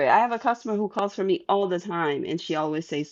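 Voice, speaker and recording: A woman's voice: lowish voice, moderate pace, dull audio. A young woman who is a guest on a podcast, chatting casually, laughing often and mimicking other people's voices. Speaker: podcast guest, sales strategist.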